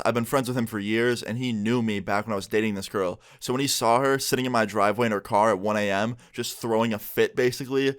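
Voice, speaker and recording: A young man narrating a storytime vlog in a casual, animated way, acting out the lines of the people in his story. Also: medium pitch. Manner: casual, animated retelling with quoted voices. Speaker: vlogger telling a story.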